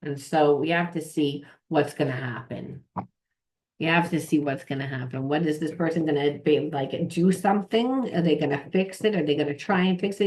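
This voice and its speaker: A woman's voice: low-pitched, a little mellow. A woman giving a casual tarot reading, rambling, repeating herself and swearing offhandedly. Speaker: tarot reader and trauma coach.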